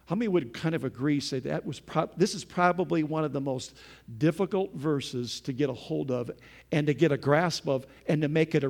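A man's voice: on the high side, darkish tone. A man preaching a sermon to a congregation, reading scripture aloud and putting questions to the listeners. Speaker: pastor.

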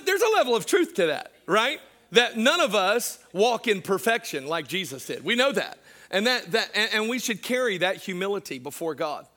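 A male pastor with a Southern US accent preaching a sermon, swinging from hushed asides to shouted declarations. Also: high voice. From Southern United States. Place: church.

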